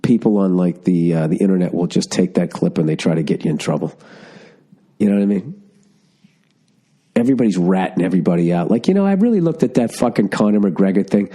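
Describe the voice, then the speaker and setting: A man's voice: sits low, animated, brisk, warm tone, slightly rough. A middle-aged man hosting a podcast, ranting sarcastically through a profane comedic monologue. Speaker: podcast host.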